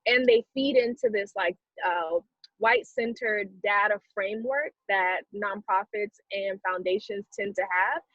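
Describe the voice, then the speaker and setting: A woman with a Southern US accent talks through an interview in a thoughtful, measured way, pausing on soft fillers. Her voice sits at a middling pitch and comes through a video call. The sound is dry and a little dull, like a lo-fi recording. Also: no room sound. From South Carolina, US. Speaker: philanthropy guest. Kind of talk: earnest conversational interview.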